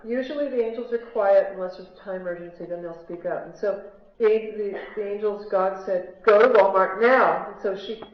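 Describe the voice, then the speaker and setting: A woman giving a live spiritual talk to an audience, telling stories and asking the crowd questions. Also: mid-range voice. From United States. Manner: chatty, asks the audience questions. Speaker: spiritual speaker. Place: large hall with a live audience. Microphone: recorded from the audience on a handheld MP3 player. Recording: lo-fi echoey hall recording from the audience.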